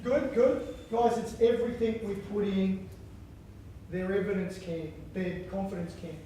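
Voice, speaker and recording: A man giving a lively conference keynote on coaching, chanting lines and acting out inner voices. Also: sits high, a little slow, a little hiss or hum. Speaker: keynote speaker. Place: large conference hall. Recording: echoey hall from far off.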